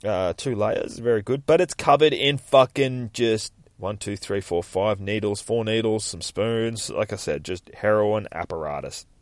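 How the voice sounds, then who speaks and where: A man's voice: lowish voice, a little slow, hardly any pauses, dry recording. A man, casually recapping a comic book on his podcast, swearing constantly and rambling. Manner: profane, rambling, acts out characters in shifting voices. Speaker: podcast host.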